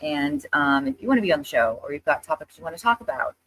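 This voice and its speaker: A woman's voice: sits low, expressive, fast talker, fairly bright tone, a little hiss or hum, low-quality recording. Bubbly woman hosting a live show. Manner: bubbly and teasing, playfully bossy. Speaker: host. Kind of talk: casual chat. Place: live in-person stream at a trade show.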